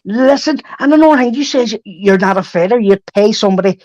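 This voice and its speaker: A man's voice: sits high, expressive, brisk, a little mellow, no room sound, dull audio. A man in his thirties with a Northern Irish accent, making a heated, repetitive call-out on a live stream. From Northern Ireland. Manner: threatening, repetitive, keeps adding "mate". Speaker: guest on a live chat stream.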